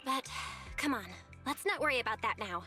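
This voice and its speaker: A woman's voice: sits high, lively intonation, brisk, sharp tone. An actress playing a sociable young woman at a dinner, talking in a conversational, lightly wry way. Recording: game audio with faint music.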